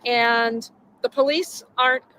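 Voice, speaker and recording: A woman in a played video clip, speaking slowly and emphatically as if lecturing. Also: a little high, fairly even intonation, sharp tone, a little hiss or hum, low-quality recording.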